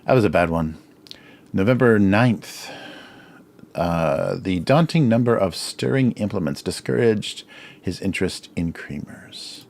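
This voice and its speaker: A middle-aged man with a low, deep voice talks casually through a drawing livestream. He muses aloud, chuckles often and pokes fun at himself. His voice sounds a little strained. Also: creaky, darkish tone. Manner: chuckles often, musing and self-deprecating. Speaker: cartoonist livestream host.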